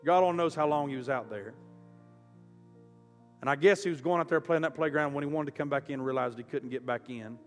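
Preacher, high voice, impassioned storytelling sermon in a reverberant hall over soft music. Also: male voice, fairly quick. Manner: impassioned, surging from quiet to loud. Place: church auditorium.

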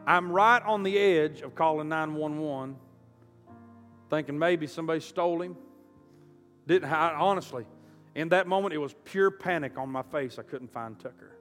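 A man preaching a storytelling sermon, impassioned and surging from quiet to loud. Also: fairly high pitch, moderate pace. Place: church auditorium. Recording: reverberant hall with soft music.

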